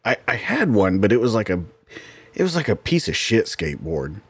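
A man in his forties hosting a casual chat, self-deprecating and quick to laugh. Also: lowish voice, sing-song, husky. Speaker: show host.

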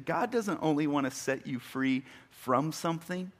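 A man preaching a sermon, emphatic, rising to loud bursts and reading scripture slowly and deliberately. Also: on the high side, expressive. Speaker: pastor.

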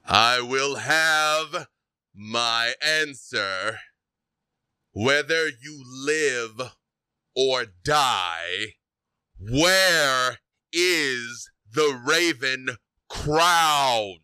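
A man doing a slow, solemn armored knight. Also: mid-range voice, expressive, bright, forceful tone, smooth, dry recording, studio quality, pitched above the performer's own voice, exaggerated voice. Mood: menacing. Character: imposing armored male knight, stern and honorable.

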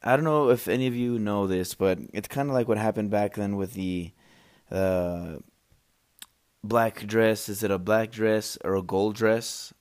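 Young dude solo podcast, loose jokey rambling, kinda low voice, lots of "you know". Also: male voice, steady tone, measured pace, a little mellow, smooth. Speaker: podcast host. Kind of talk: solo casual chat. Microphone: podcast microphone.

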